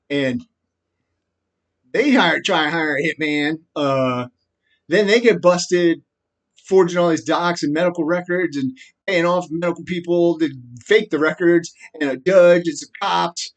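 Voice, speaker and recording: A man's voice: fairly high pitch, a bit bright. A man in a rambling, agitated, profane monologue, laughing often and tagging his sentences with "right?". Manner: frequent laughs and repeated "right?". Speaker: vlogger.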